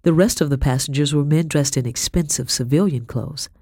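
A woman tells a first-person story in a measured, steady audiobook voice. She sits close to a studio mic in a dead, dry space with no echo. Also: low-pitched. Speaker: audiobook narrator.

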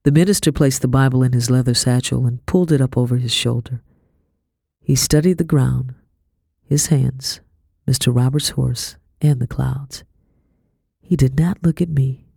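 A woman reading a first-person storybook, earnest and quietly tense, sometimes dropping to a whisper. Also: extremely low pitch, normal speed, gravelly, slightly rough, dry recording, clean studio sound. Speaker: audiobook reader.

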